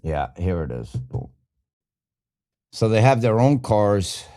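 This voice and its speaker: A man's voice: lowish voice, slow pace. A man hosting a podcast, ranting casually and swearing a lot while he thinks aloud and clicks through things. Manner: profane, animated, thinking aloud while browsing. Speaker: podcast host.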